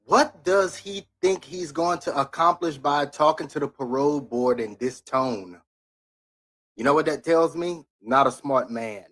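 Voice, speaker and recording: A man's voice: fairly high pitch, unhurried, fairly bright tone, no room sound. A man on a live stream giving blunt, critical commentary in rambling asides as he reacts to a video.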